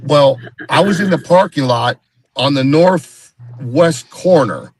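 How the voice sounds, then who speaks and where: A man's voice: a little high, lively intonation, slow pace, dry recording. Guy on a video call, rambling through a story, repeats himself, dry sound. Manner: rambling, repeats himself, acts out quoted dialogue. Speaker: guest Bigfoot researcher. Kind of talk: casual storytelling on a live stream.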